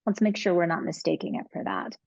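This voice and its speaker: A woman's voice: lowish voice, very animated, fast, gravelly, a little mellow, no echo, dull audio. A woman guest on a podcast talking about postpartum and motherhood in an earnest, reflective way, repeating key phrases for emphasis. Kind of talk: reflective conversational advice.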